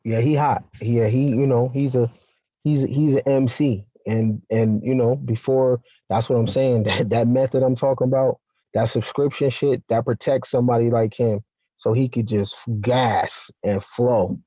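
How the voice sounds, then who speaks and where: A man chatting as a guest on a talk show, animated and slangy, with lots of fillers. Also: medium pitch, moderate pace, no echo, muffled recording. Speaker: podcast guest. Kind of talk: casual conversation.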